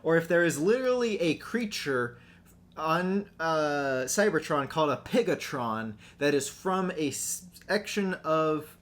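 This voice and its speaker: A man in casual podcast chat, his pitch swinging widely as he talks. He slips into playful voices to quote cartoon lines and laughs a lot along the way. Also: lively intonation, unhurried, fairly bright tone. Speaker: podcast co-host.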